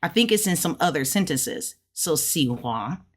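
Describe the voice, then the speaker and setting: In a low, expressive, slightly rough voice, a woman works slowly through a casual Mandarin self-study lesson. She repeats syllables several times each after sounding them out, thinking aloud when she isn't sure she's pronouncing them right.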